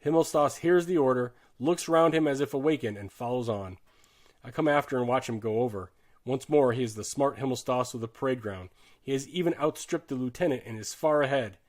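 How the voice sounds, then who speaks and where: A man narrates a war novel as an audiobook in a voice of middling pitch. His reading is earnest and dramatic. He drops low for grim passages and rises for tense ones. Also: fairly quick. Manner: earnest, shifts loudness sharply with the drama. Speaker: audiobook reader.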